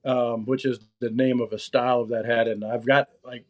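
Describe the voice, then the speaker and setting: A man's voice: medium pitch, flat delivery, normal speed, lo-fi sound. A man in his fifties, an interview guest, talking in a loose, rambling way with many restarts. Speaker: interview guest, former magazine writer. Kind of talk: casual interview chat.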